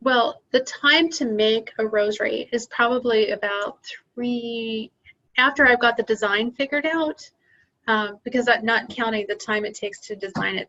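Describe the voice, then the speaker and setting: A woman's voice: fairly high pitch, vocal fry, sharp tone, muffled recording. Woman thinking aloud about her craft business. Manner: thinks aloud, hesitant with ums. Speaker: craft seller being coached. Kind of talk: casual conversation.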